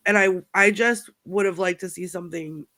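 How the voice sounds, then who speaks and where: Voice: mid-range voice, fairly even intonation, normal speed, sharp tone. A panelist in a casual chat, talking loosely with many "like"s. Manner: chatty, uses fillers like "like".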